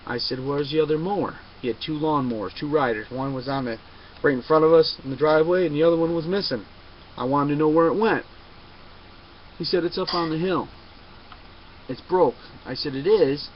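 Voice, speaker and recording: A man's voice: fairly high pitch, fairly quick. A man telling a long personal story to a webcam, emphatic and insistent, often digressing. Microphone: webcam mic. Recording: dull lo-fi webcam audio with faint noise.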